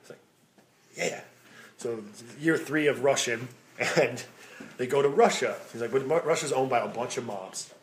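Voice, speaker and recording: A man's voice: mid-range voice, moderate pace, slight background noise. A man from the American Midwest co-hosting a podcast, telling long stories in casual chat, swearing and laughing as he goes. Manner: rambling storyteller, swears, laughs while telling. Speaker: podcast co-host.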